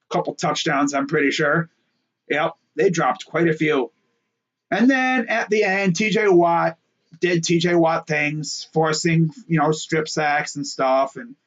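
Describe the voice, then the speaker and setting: A man's voice: a little high, muffled recording. A young man casually talking through his weekly football picks, joking and rambling with lots of fillers. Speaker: sports picks host. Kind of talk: casual solo sports talk.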